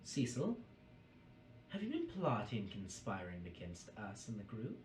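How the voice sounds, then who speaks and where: A man's voice: on the low side, wildly swooping pitch, measured pace, slight background noise. A man voicing a cold, commanding spectral woman who interrogates the group. Recorded in a roomy space from a distant mic. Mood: accusing. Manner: imperious, interrogating.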